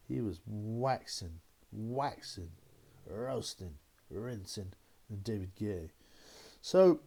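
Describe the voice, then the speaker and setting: Brief: male host, slightly low voice, loose rambling chat with laughs. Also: creaky, mellow. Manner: rambling, laughing, mocking impressions of critics. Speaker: boxing channel host. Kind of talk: casual solo commentary.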